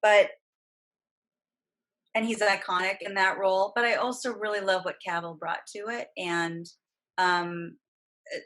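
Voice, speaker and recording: A woman's voice: mid-range voice, measured pace, pauses often. A woman guest on a podcast, chatting casually and enthusiastically as a voice actress about superhero films. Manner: enthusiastic, animated fan talk.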